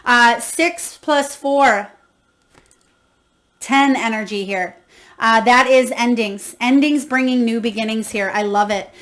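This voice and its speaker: A woman's voice: a little high, takes it slowly, fairly bright tone. A woman giving a tarot card reading to viewers, effusive and encouraging, reading guidebook passages aloud and exclaiming with emotion. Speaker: tarot reader.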